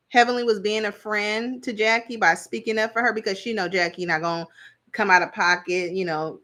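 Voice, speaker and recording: A blunt, talkative mom offers casual commentary on reality TV in a medium-pitched, fairly bright voice. She laughs frequently and trails off when names escape her.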